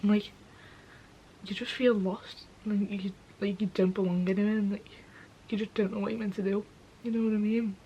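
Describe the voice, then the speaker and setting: At a moderate pace and level tone, a young adult woman with a warm mid-range voice speaks candidly and swearily to camera, crying as her voice breaks and filling gaps with "do you know what I mean." The recording is muffled with slight background noise.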